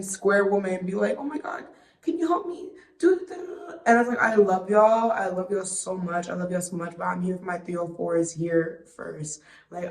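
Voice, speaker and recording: Female podcast host, casual and profane, slightly tipsy, echoey room sound. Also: mid-range voice. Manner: candid and profane, loose tangents. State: tipsy from wine. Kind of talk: casual solo podcast monologue. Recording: roomy echo.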